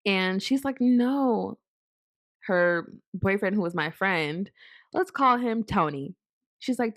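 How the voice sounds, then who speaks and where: A woman's voice: medium pitch, slow, no echo, studio quality. A young woman casually telling a long personal story to her viewers, rambling with lots of fillers and restarts and acting out what people said. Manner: rambling, filler-heavy, animated quoted asides. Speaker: storytime vlogger.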